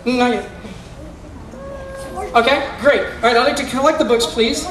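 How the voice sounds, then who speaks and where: An extremely high, fairly bright male voice moves at a moderate pace over slight background noise. He's doing live magic for a school audience, coaxing children onstage through mind-reading tricks with playful patter. Heard from afar, the indoor room or gym echoes.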